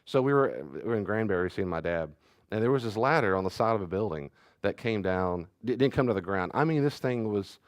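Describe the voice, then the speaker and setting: A man's voice: fairly low pitch, no echo, studio quality. A middle-aged man, a pastor, giving a teaching talk on parenting and acting out the voices of a child and a parent as he tells stories.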